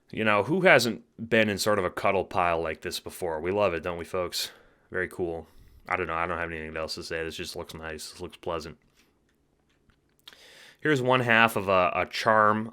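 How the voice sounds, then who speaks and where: A man with a deep, smooth, sharp-toned voice gives casual commentary while reviewing fan art late at night. Sleepy yet enthusiastic, he rambles and swears freely.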